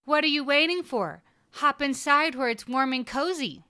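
A man's voice: very high-pitched, moderate pace, bright, forceful tone, no echo, studio quality, voice pushed up, heavily acted. A man putting on a sultry teasing woman. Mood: coaxing. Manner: teasing, provocative.

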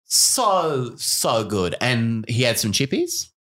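A woman's voice: very deep voice, big pitch swings, slow, fairly bright tone. A woman co-hosting a podcast, chatting casually, joking and rambling through stories with lots of laughing. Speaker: podcast co-host. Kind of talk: casual chat.

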